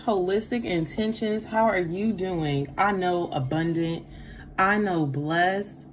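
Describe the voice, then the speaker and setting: A woman hosting a tarot livestream, animated and laughing with viewers, dropping to a soft voice to pray. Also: lowish voice, slow, slight background noise. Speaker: tarot reader and livestream host. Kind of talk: livestream chat with prayer.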